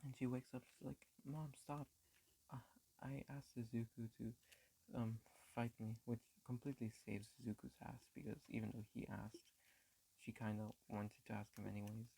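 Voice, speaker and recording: Gravelly-voiced man rambling through a story. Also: fairly low pitch, level tone, normal speed, mellow, poor audio. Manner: rambling, full of ums and likes, mumbles some quotes. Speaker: fan storyteller. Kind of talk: casual spoken fan-fiction retelling. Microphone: phone.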